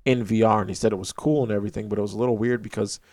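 A man's voice: fairly low pitch, fairly even intonation, very fast, a little mellow, dry recording. A man talking as a guest on a gaming podcast, rambling and hesitant with fillers, in casual chat.

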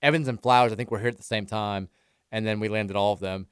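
A man co-hosting a sports radio show, chatting and joking in a quick, casual way. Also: fairly low pitch, fairly even intonation, smooth, no room sound, clean studio sound.

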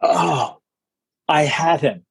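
Male podcast co-host, husky mid voice, dry sound, casual and a little halting. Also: a little high, no echo. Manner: hesitant, restarts sentences often. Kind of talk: casual film discussion.

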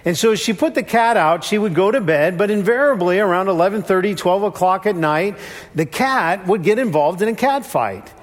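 A male pastor with a fairly high voice delivers a sermon in an easy, conversational manner. He drops into other voices when he quotes people. His words ring out with the long reverb of a church hall. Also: animated, moderate pace. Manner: conversational, shifts pitch when quoting.

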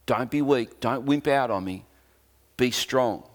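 A man's voice: medium pitch, measured pace. A man with an Australian accent, preaching a sermon as a pastor in an earnest, conversational way with joking asides.

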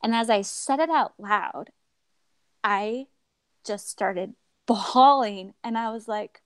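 A young woman with a slightly high voice recounts a personal story in an expressive, animated way. She acts out the people she quotes and laughs often. The recording is close and dry, with no room sound. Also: slow, clean tone, dry recording. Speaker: podcast guest.

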